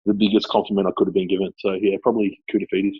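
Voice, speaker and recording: A man with an Australian accent, a former club footballer, chatting casually as a guest and telling lively stories. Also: low voice, racing, breathy edge, dry recording, narrow, tinny audio. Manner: animated storyteller, laughs often. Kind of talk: casual chat.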